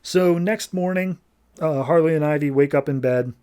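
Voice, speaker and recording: A man's voice: moderate pace, mellow, clear, resonant tone. A man hosting a podcast, recapping a comic issue in a loose, rambling way with plenty of fillers. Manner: briefly shifts pitch for quoted characters. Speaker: podcast host. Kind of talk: casual comic book recap.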